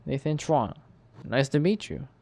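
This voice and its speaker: Man playing a confident, persuasive young stranger in a story game; easy charm, lifted pitch. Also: animated, unhurried, darkish tone, a little hiss or hum. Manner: smooth and persuasive.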